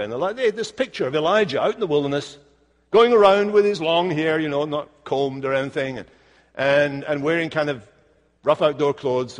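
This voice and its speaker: A male pastor preaching a sermon, emphatic and slowing down on key words. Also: fairly high pitch, big-room sound. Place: church.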